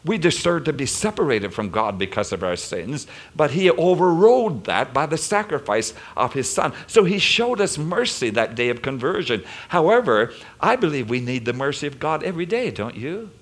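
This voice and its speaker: A man's voice: fairly high pitch, very animated, normal speed, few pauses. A man preaching a sermon, emphatic, often turning to the congregation with questions.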